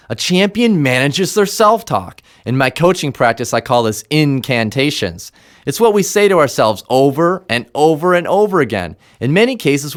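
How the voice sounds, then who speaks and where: A man, a life coach, giving an energetic motivational talk and demonstrating how to speak to oneself. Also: on the high side.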